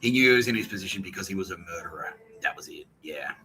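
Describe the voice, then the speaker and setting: A man's voice: low-pitched, lively intonation, fast, bright, forceful tone, a little hiss or hum, rough recording. A man hosting a podcast, telling a profane, ranting story and acting out other people's lines in brief voices. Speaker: podcast host. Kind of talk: casual podcast monologue.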